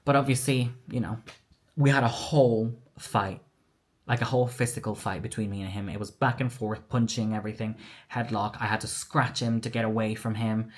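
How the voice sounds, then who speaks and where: A female vlogger with an extremely low, steady voice speaks fairly quickly as she tells a personal story. Her retelling is candid and emotional, and she acts out what other people said.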